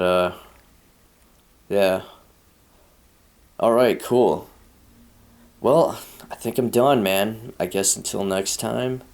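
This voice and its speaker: A man's voice: low-pitched, creaky, darkish tone. A young American man ranting in a crude, profane, rambling vlog monologue. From United States. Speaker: vlogger. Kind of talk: casual rant.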